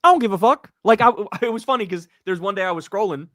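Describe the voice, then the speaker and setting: Man, high voice, dry close sound, profane ranting, podcast chat. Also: expressive, fast, fairly bright tone, no room sound. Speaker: political commentator. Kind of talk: heated casual podcast chat.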